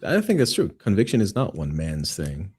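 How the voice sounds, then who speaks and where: Canadian-raised male guest, very low husky voice, jokey and musing. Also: moderate pace. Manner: expressive, jokey, philosophical. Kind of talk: casual chat.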